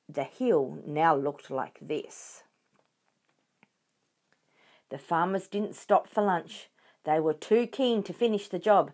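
A woman reading a children's book aloud in a clear, expressive way. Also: mid-range voice. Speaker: storyteller for children.

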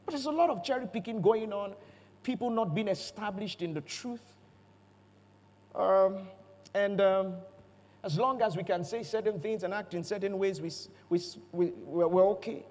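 High-voiced pastor preaching in a hall. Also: male voice, moderate pace. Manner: animated, playful storytelling with jokes and call-outs to the congregation. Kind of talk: sermon. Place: church auditorium.

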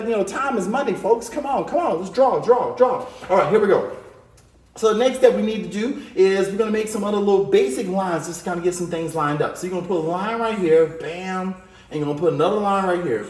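High-voiced, hyped man teaching drawing. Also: lively intonation, a little fast. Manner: playful and hyped, calls out to kids, adds sound effects. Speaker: art teacher. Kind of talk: energetic drawing lesson for kids. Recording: echoey room.

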